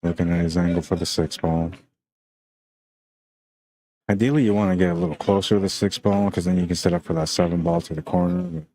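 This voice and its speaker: A relaxed male pool commentator with a Spanish accent and a low, mellow voice, talking the stream through each shot. He speaks in an even, unhurried tone, chatting loosely and often tossing in "man" and "like". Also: slight background noise. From Canada. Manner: laid-back, chatty, peppered with "man" and "like". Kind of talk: casual live-stream commentary.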